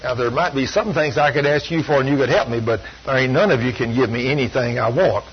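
A man's voice: medium pitch, fast talker, slight background noise. An older man preaching a folksy sermon, plain-spoken and full of homespun stories. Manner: plain-spoken, storytelling, self-deprecating. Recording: dull lo-fi sound.

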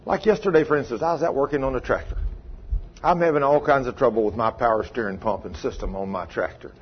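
A man's voice: mid-range voice, fast talker, slight background noise. An older man, preaching a conversational sermon in a folksy, earnest way and often asking his listeners questions. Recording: dull lo-fi recording.

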